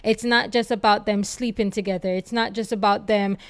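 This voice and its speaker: A young woman casually retelling a novel's plot in a book review vlog, animated, laughing and swearing. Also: mid-range voice, normal speed, no echo.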